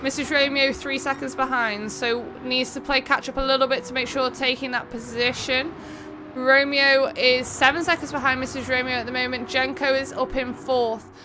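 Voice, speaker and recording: This English-accented woman from England is hosting an online racing event on stream, and her high-pitched voice stays level against a noisy background. She chats away, calls the race quickly, and says hello to viewers by name.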